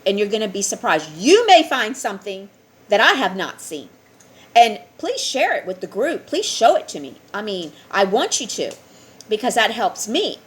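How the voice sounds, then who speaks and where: A woman's voice: medium pitch, sing-song, normal speed. A woman teaching a spiritual class, talking earnestly and often checking in with her listeners. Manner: earnest, keeps asking "okay?". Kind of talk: informal spiritual lesson.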